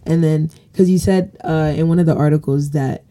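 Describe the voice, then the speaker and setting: A woman's voice: sits low, fairly even intonation, moderate pace, warm tone. A woman co-hosting a casual podcast, laying out parenting scenarios in a loose, laid-back way with lots of fillers. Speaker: podcast co-host.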